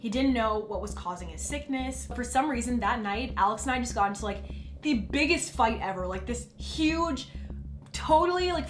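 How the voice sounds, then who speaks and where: A young woman tells a story in a casual, animated way, leaning on fillers as she talks. Her voice sits a little high. The room is echoey, with a faint hum of ambience behind her.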